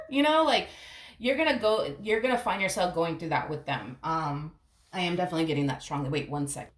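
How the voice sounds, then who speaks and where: A woman's voice: on the low side, animated, brisk. Rambling woman tarot reader, echoey room. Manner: rambling, chatty, calls the viewer honey, swears casually. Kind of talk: casual tarot reading to camera.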